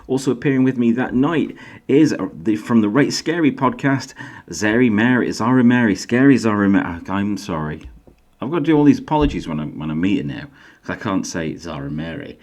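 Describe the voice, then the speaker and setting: A middle-aged man with a faded Yorkshire accent, hosting his own casual vlog in a chatty, self-deprecating way. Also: fairly quick. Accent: faded Yorkshire English. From Yorkshire, England. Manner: chatty, self-deprecating, lively pitch jumps. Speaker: YouTube host and author.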